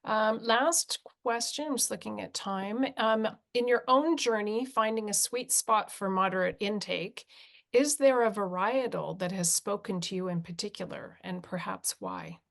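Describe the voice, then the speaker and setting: A woman hosting a Q&A over a video call, her voice edged with gravelly fry. She speaks politely and haltingly, with frequent ums between her words. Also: mid-range voice. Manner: polite, halting, lots of fillers. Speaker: summit moderator. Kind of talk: moderating a virtual Q&A.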